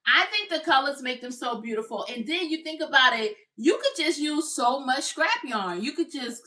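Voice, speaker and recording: A woman's voice: high-pitched, animated, moderate pace, bright, forceful tone. A woman hosting a casual crochet livestream, chatting with viewers, reading out their comments and laughing often.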